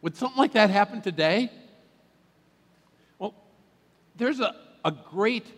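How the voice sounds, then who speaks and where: A man preaching in a large church sanctuary, animated and chatty with the congregation. His voice sits fairly high for a man, and a long hall reverb trails behind every phrase. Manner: animated, conversational preaching with asides. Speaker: pastor. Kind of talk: sermon.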